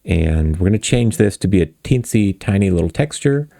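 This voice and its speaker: A man hosting a game dev tutorial, walking through code in a relaxed, chatty, self-deprecating way. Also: low voice, normal speed, creaky, dry recording, studio quality. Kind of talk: casual screen-recorded coding tutorial.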